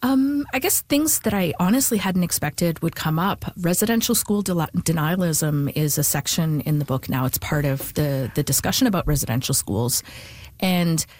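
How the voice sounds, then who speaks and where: A woman's voice: low-pitched, expressive, moderate pace, a little mellow, no room sound. A woman author being interviewed, speaking thoughtfully with frequent fillers and restarts. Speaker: author and guest. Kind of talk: conversational interview.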